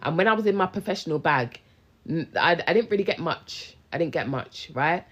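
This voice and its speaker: On a live stream from a handheld phone, a young female business coach speaks fairly quickly with a low pitch and lively intonation, though the audio sounds dull. She's casual and animated, full of slang, and talks right to the people watching.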